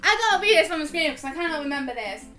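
A woman with a high, expressive, sharp voice talks very fast over soft background music. In her casual gaming Q&A vlog she chats through viewer questions, giggling often and filling with ums.

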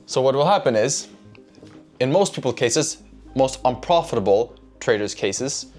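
A man's voice: medium pitch, lively intonation, normal speed, darkish tone. A man giving a casual trading lesson, cursing freely, addressing his chat and tagging lines with "right?". Faint music sits underneath. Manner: profane, keeps asking "right?", addresses chat. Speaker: trading educator.

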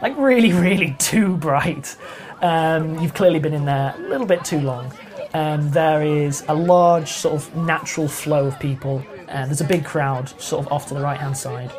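A man narrating as game master of a tabletop game, relaxed and rambling with many fillers. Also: fairly high pitch, moderate pace, crowd noise.

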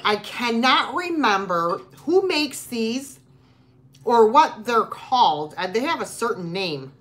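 A woman hosting a relaxed live sale, talking slowly and chattily as she shows each item. Her voice sits a little high. She laughs easily between items. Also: a little hiss or hum. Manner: chatty, laughs easily, talks with mouth full. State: runny nose. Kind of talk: casual live selling chat.

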